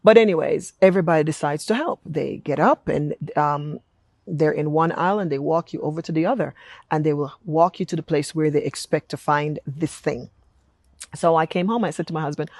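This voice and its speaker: Woman with an American accent, middle-aged, chatty storytelling vlog, gravelly voice, dry close sound. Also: low voice, moderate pace, no room sound. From Jamaica. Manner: chatty and animated, acting out quotes. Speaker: vlogger and apostle.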